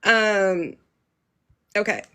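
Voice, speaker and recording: A woman's voice: mid-range voice, very slow, pushed and bright, clean tone. Matter-of-fact woman giving a commentary update. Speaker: commentary host. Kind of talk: casual commentary.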